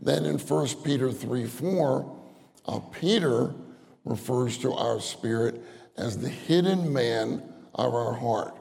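Gravelly man preaching in a reverberant hall. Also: animated, slow pace, darkish tone. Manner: earnest, repeats phrases for emphasis, rises in pitch when urging. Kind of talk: sermon.

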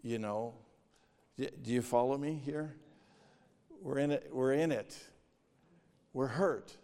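Man, preacher, unhurried sermon delivery in a reverberant hall, mid-range voice. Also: medium pitch, warm tone. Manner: measured, reads outline points and scripture, grows emphatic.

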